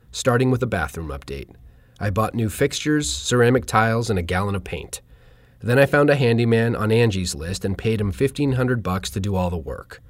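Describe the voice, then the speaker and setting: A man reading his own humorous personal essay with a dry, deadpan delivery. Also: on the low side, no echo. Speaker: narrator.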